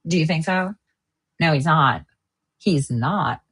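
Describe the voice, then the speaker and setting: A woman's voice: sits low, lively intonation, slow, a bit bright, slightly rough. Heated, profane woman ranting. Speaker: host. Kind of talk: political commentary rant.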